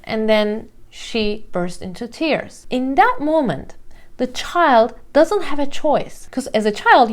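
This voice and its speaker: A woman hosting her own channel, earnestly explaining psychology with everyday examples. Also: mid-range voice. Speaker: mindset coach and channel host.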